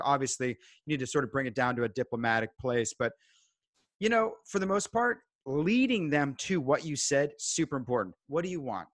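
Brief: man, fairly high pitch, dry close sound, measured and calm podcast guest. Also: dry recording. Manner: calm, measured advice-giving. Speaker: guest home inspector. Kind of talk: casual podcast chat.

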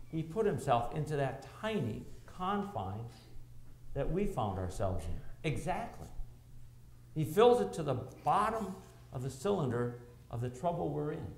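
A middle-aged man preaching a sermon as pastor, with animated delivery, rhetorical questions and dramatic pauses. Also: on the high side, gravelly. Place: church sanctuary. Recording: roomy church echo.

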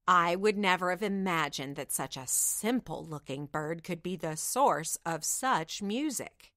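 A woman voicing a pompous male knight of the court who speaks in an effusive, booming way. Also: animated, measured pace, sharp tone, dry recording, clean studio sound. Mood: admiring. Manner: booming, effusive, self-important.

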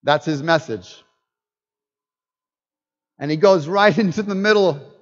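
High-voiced male preacher in an echoing hall. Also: takes it slowly. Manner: animated, joking preacher who asks the audience questions. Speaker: guest pastor. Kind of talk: sermon. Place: church hall. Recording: dull lo-fi with long hall reverb.

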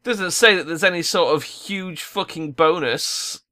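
Young man, gameplay commentator; frustrated sweary ranting, bright forward tone. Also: a little high, measured pace. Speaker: gaming YouTuber.

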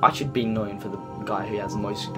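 A man's voice: lowish voice, fairly even intonation, fairly quick. Man ranting and swearing over gameplay. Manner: swears constantly, frustrated ranting. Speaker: gamer. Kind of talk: gameplay commentary. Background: game music and sound effects.

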